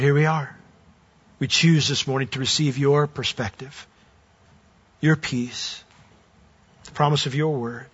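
Earnest male pastor, husky voice. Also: medium pitch, dull audio. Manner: earnest, rising emphasis then hushed prayer. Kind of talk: sermon with closing prayer.

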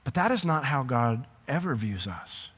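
Animated preacher man in a reverberant hall. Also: mid-range voice, moderate pace, husky. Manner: animated, conversational preaching with asides and acted quotes. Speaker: pastor. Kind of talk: sermon.

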